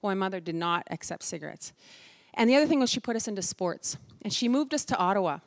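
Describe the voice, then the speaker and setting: A woman in her forties from Canada, giving a lively storytelling talk to a live audience and acting out the voices of the people in her stories. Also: medium pitch, fast, no echo. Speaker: keynote speaker. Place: large event hall before a live audience.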